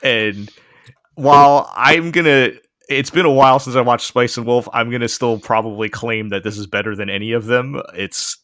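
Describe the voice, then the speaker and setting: Dry, bright-voiced man chatting on a podcast. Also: mid-range voice, normal speed, no room sound. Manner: laughs often, wry asides. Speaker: podcast host. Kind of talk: casual chat.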